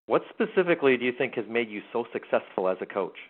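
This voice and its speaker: A man interviewing a coach, asking questions in a measured way with some hesitant fillers. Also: medium pitch, lively intonation. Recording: tinny phone-line sound.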